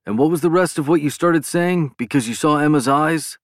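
A man's voice: a little high, a little fast, dry recording, clean studio sound, pitched above the performer's own voice, natural voice. A man doing an urgent questioner. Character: tense man demanding answers.

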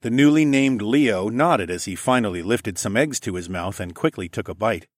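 Guy narrating a sci-fi audiobook, lowish voice, lots of expression, dry close sound. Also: normal speed, no echo. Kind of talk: first-person sci-fi narration.

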